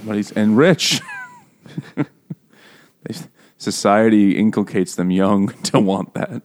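A man's voice: on the low side, slow, darkish tone. A man chatting casually about a book, joking and laughing often. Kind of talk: casual book-club chat.

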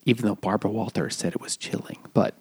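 A man's voice: fairly low pitch, quick pace, a little mellow, breathy edge. A man co-hosting a comedic book podcast, casually and earnestly summarizing and paraphrasing what he read. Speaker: podcast co-host.

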